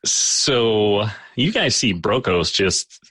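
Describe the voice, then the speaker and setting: A man running a tabletop game podcast as game master, talking casually and haltingly with many fillers and self-deprecating asides. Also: fairly low pitch, animated, a bit bright, slightly rough, dry recording.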